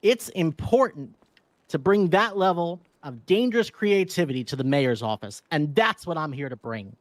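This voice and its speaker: A man's voice: a little high, expressive, normal speed, no room sound. A man running for mayor who tells a rambling, playful story in his closing statement. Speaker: mayoral candidate.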